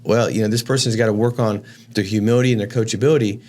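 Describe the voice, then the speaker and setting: A man in his thirties co-hosting a podcast, talking in a casual, animated way and calling people "dude" and "bro". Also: on the low side, fast talker. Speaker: podcast co-host. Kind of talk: casual conversation.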